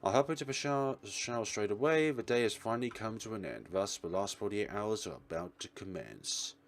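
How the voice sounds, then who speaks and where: A man's voice: on the low side, lively intonation, brisk, a little hiss or hum. A man hosting a let's play, reading a visual novel in first person and voicing the protagonist with a dry, wry manner.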